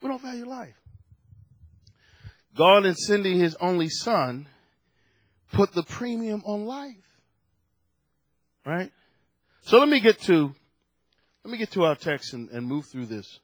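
A man's voice: high voice, big pitch swings, measured pace, pauses often, no echo. A man preaching a sermon at a lectern to a congregation, telling stories with animation and acting out the voices in his quotes.

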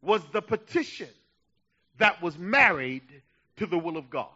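A man preaching a sermon with passion, dropping to a hush and then rising to shouts, urging his listeners on. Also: high-pitched, big pitch swings, a little slow, lo-fi sound. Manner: impassioned preaching, swinging from hushed to shouting. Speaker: pastor.

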